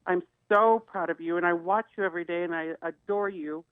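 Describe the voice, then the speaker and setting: A woman's voice: fairly low pitch, fairly even intonation, a little fast, clean tone, no echo. A middle-aged woman co-hosting a radio talk show, telling personal stories in an earnest way with many restarts. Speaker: co-host. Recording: dry, phone-like radio sound.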